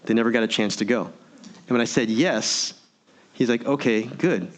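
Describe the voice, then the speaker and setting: A man giving an energetic motivational keynote, full of rhetorical questions and audience prompts. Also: mid-range voice, moderate pace. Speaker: motivational speaker. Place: virtual meeting event.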